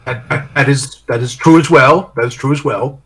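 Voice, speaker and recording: A man bantering as a player in a tabletop role-playing game, stammering as he agrees. His voice is husky and sits at an ordinary pitch. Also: moderate pace.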